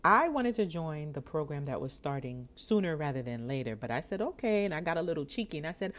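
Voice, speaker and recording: Speaking a little fast with few pauses, a low-pitched podcast host in her thirties from New York shares a personal story. She's animated, voicing the dialogue and laughing along.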